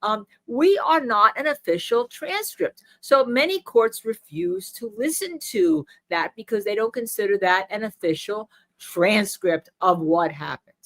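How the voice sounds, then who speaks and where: A woman's voice: medium pitch, measured pace. A woman lawyer co-hosting a live legal show, explaining court procedure in an instructive, coaching way. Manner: animated, instructive, coaching her co-host. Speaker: co-host and lawyer. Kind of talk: live legal analysis chat.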